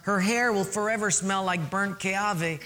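Guy doing a calm wife, plain and halting, a bit higher than his normal voice. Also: a little hiss or hum. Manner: matter-of-fact, halting with fillers. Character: patient wife calmly delivering bad news.

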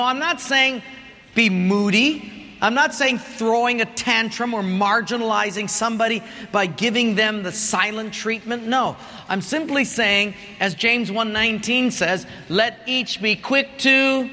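A man's voice: sits high, pushed and bright, long reverb tail. A man preaching a sermon as a pastor, telling stories animatedly and with humor.

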